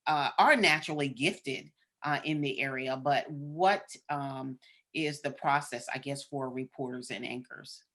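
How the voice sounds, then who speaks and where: A woman's voice: very deep voice, measured pace, fairly bright tone. A woman hosting an interview, chatting casually and often murmuring agreement with her guest. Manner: affirming, often backchannels agreement. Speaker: podcast host, interviewer.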